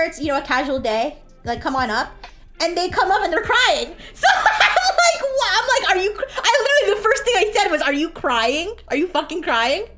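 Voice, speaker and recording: Woman, high voice, casual streamer chat, frequent laughter, swearing, faint music behind. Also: a bit bright. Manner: chatty, laughs often, swears freely. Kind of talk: casual storytelling to chat while drawing.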